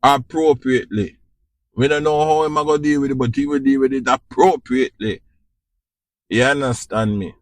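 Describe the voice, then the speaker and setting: A man's voice: mid-range voice, fairly even intonation, normal speed, dry recording. A man with a Jamaican accent hosting a podcast, giving an informal spiritual talk in a preachy, repetitive way and often asking if you understand. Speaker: podcast host.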